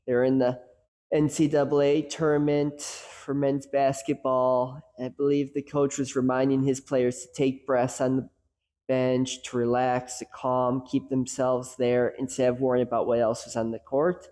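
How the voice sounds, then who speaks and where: A host and coaching educator leads a casual lesson, joking and acting out small asides, while long hall reverb surrounds his voice. His mid-range voice is warm but completely flat in delivery, at a moderate pace.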